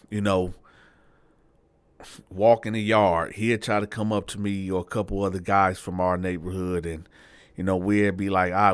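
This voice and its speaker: A man telling a personal story in a relaxed, slangy, conversational way, close to the mic. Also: sits low, clear, resonant tone, dry recording. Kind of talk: casual storytelling.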